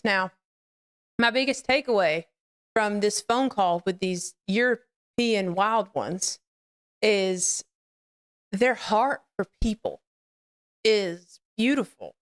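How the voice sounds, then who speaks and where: A woman's voice: mid-range voice, lively intonation, slow pace, pauses often. A woman hosting a live-streamed faith podcast, talking candidly and rambling as she greets her chat and shares personal reflections. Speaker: podcast host.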